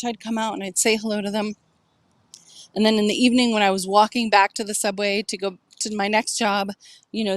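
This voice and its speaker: A woman's voice: medium pitch, dry recording. A middle-aged woman telling a personal story to camera, candid and emotional, swearing freely and filling her talk with "like".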